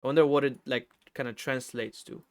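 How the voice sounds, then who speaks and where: A woman's voice: rumbling low, fairly even intonation, a little fast, a little mellow. A woman hosting a reaction video, talking in a casual, laid-back, slangy way. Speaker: reaction channel host.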